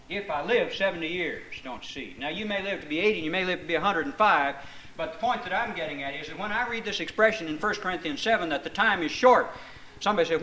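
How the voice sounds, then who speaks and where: Bright-voiced man preaching a folksy sermon. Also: on the high side, a little hiss or hum, rough recording. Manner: conversational, with folksy asides and rhetorical questions. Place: church meeting before a congregation.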